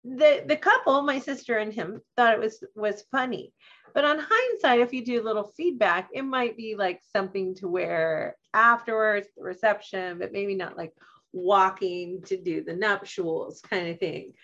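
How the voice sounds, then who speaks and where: Relaxed woman with slightly dull sound. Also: mid-range voice, moderate pace. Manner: relaxed, reflective, laughs easily. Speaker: podcast co-host, communication course teacher. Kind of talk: casual chat.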